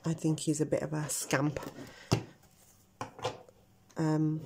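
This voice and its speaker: A woman's voice: low voice, completely flat delivery, slow pace, gravelly, noisy background. A middle-aged woman giving a tarot reading to her viewers, talking earnestly and speculating about what she senses. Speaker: tarot reader.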